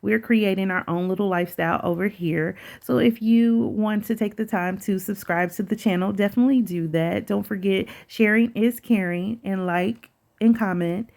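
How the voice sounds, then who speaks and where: A woman vlogging casually at home, chatting in a rambling, animated way with asides. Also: medium pitch, normal speed, vocal fry, few pauses. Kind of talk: casual chat to camera.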